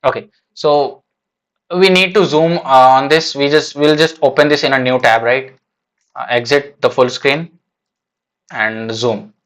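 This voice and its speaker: Reacting to a manga chapter on stream, a man speaks at medium pitch with a steady, slightly bright tone and a slightly slow pace. He thinks out loud in a loose, hesitant way, often restarting and using fillers.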